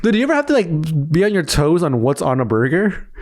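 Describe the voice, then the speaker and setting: A man co-hosting a podcast, telling a story in casual chat with lively quoted dialogue and plenty of swearing. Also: fairly high pitch, quick pace. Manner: animated storytelling, acting out quotes, frequent swearing. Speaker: podcast co-host.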